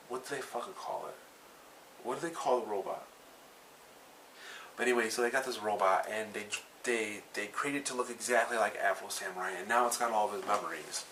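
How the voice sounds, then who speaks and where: Low-voiced man, loose profane anime recap. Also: moderate pace, sharp tone. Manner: rambling and profane, with many fillers and self-corrections. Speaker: anime reviewer. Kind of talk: casual episode recap. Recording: slightly distant mic with faint background noise.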